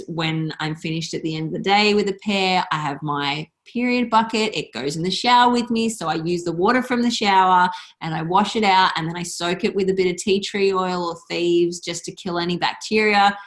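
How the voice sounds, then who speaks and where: A woman's voice: on the low side, moderate pace, few pauses. A woman, a podcast guest talking candidly and animatedly in casual chat, with the odd swear word.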